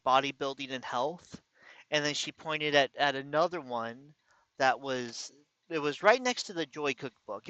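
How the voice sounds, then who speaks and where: A man earnestly recounting a painful personal story, incredulous and halting, often restarting his sentences. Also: a little high, sharp tone, dry recording. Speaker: vlogger. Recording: slightly dull lo-fi recording.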